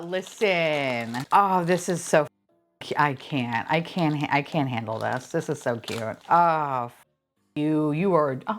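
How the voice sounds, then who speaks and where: A young adult woman talking casually as she unboxes blind-box toys at home, excitable and profane, gasping and squealing at what she pulls out. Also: low voice, slow, faint music behind. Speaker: unboxing vlogger.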